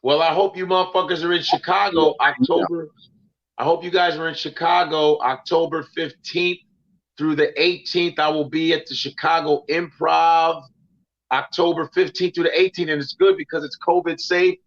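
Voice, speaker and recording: A man with a fairly high, steady voice talks at a moderate pace, sounding slightly bright though the top end is cut off. He's a comedian guest on a casual livestream chat over a remote call, ranting, swearing and repeating himself a lot.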